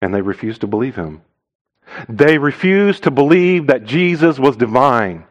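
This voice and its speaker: A man preaching a sermon as a missionary, stressing key phrases hard, dropping to quiet asides and putting rhetorical questions to the congregation. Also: sing-song, moderate pace, lo-fi sound. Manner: emphatic, swinging between loud stressed phrases and low quiet asides.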